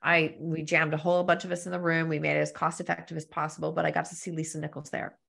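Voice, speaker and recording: A woman's voice: sits low, flat delivery, quick pace, vocal fry, a bit bright. A woman guest on a live-stream interview, talking earnestly and candidly through personal anecdotes over a remote call mic. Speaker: guest, storytelling business coach.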